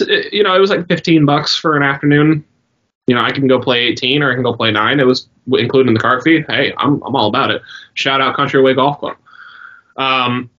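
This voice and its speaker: A young man co-hosting a podcast, telling a story in a rambling, swearing, animated way. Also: mid-range voice. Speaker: podcast co-host. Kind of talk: casual chat. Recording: dull lo-fi sound.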